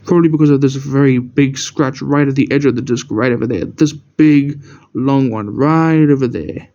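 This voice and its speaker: A man's voice: medium pitch, normal speed, mellow. Rambling young man, dull lo-fi audio. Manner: rambling, self-correcting, stumbles over words. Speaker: collector showing DVDs. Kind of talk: casual show-and-tell narration.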